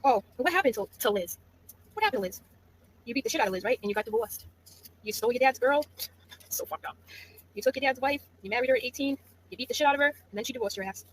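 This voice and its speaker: A woman's voice: on the high side, animated, fast, long pauses, a little hiss or hum. A woman making mocking accusations in a piece of online commentary.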